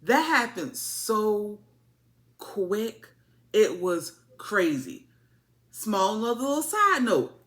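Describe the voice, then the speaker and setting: Sassy animated woman reviewer. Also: mid-range voice, slow pace. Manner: sassy, animated, repetitive asides. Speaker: TV recap reviewer. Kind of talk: casual video review.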